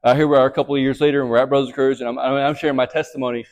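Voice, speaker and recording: A man's voice: medium pitch, level tone, rapid-fire. A man leading a men's church group, teaching a lesson and sharing his own testimony in a conversational way, often checking in with "right?".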